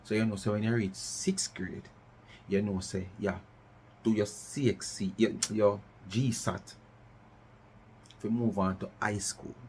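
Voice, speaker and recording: A man's voice: lowish voice, steady tone, a little slow, pauses often, a little mellow, a little hiss or hum. A middle-aged Jamaican man from West Kingston ranting in commentary, challenging listeners with repeated rhetorical questions and slipping into patois. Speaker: vlogger.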